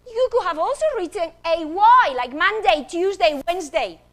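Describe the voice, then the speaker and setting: A woman's voice: extremely high pitch, very animated, normal speed, few pauses, fairly bright tone. A woman giving a talk on phonics, playful and theatrical, leading the audience to repeat sounds. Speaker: phonics teacher and speaker. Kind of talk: animated talk with classroom demonstration. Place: stage before an audience.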